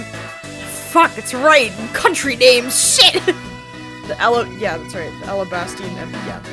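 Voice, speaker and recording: A woman's voice: on the high side, very animated, unhurried. A young adult woman streaming a game live, chatting casually, swearing and laughing as she reads the characters' lines aloud. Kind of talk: live game playthrough, reading dialogue aloud. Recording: game music playing behind.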